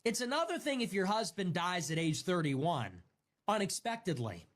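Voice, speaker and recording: A man talks in a high, lively voice that leaps up and down as he rants. His tone is sarcastic and sneering throughout, and he is deliberately provocative. It plays like a livestream rant. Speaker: streamer in a played clip.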